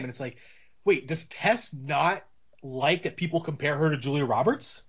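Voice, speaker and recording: Casting note: man co-hosting a movie chat, voice a bit high, rambling, lo-fi dull audio. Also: expressive, moderate pace, breathy edge. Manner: rambling, many restarts and fillers. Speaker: podcast co-host. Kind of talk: casual movie discussion.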